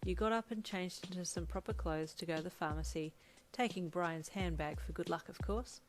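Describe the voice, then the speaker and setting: A woman narrating a fan story as an audiobook, with even, unhurried storytelling. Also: lowish voice, a little hiss or hum, rough recording. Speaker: fanfiction reader.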